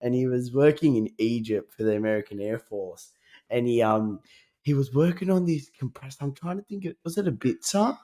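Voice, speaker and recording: A man's voice: medium pitch, brisk, mellow. A man co-hosting a casual podcast chat, easygoing and keen to tell a story. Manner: easygoing, says bro a lot, keen storyteller. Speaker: podcast co-host.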